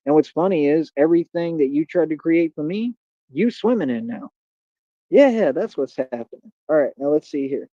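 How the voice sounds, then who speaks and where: A man's voice: fairly high pitch, no echo. Combative man ranting on a livestream. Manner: combative, taunting, repeats catchphrases. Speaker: livestream host. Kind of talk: casual live-stream rant. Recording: dull, dry home stream audio.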